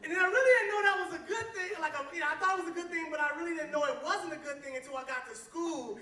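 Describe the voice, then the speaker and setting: High, bright-voiced playful youth pastor. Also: male voice, racing, roomy sound, far from the mic, a little hiss or hum. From Flint, Michigan. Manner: playful, call-and-response, often laughing. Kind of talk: joking youth sermon. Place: church hall with audience.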